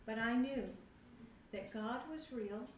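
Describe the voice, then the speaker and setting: A middle-aged woman telling her personal testimony to a youth group, animated and acting out her own past reactions. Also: fairly high pitch, slow. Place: church youth room. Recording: echoey room, voice from far off the mic, faint noise.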